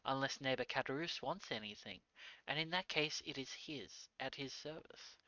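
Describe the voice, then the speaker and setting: Man voicing an excited young sailor, bright tone, lo-fi sound, storybook reading. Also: medium pitch, moderate pace, no echo, lightly acted. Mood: earnest. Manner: excited, exclaiming. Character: young male sailor, eager and generous.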